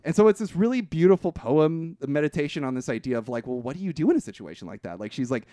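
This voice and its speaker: A man's voice: on the high side, very animated, fast, few pauses, dark tone, no echo, clean studio sound. A man co-hosting a podcast, retelling a film's plot in casual chat, swearing freely and restarting his sentences. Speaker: podcast co-host. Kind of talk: casual movie recap chat.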